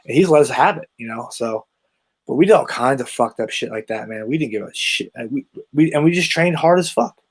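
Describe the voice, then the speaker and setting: A man's voice: medium pitch, fairly quick, slightly rough. Profane male guest telling gym stories. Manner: profane, animated storytelling, trails off quietly. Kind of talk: casual storytelling in an interview.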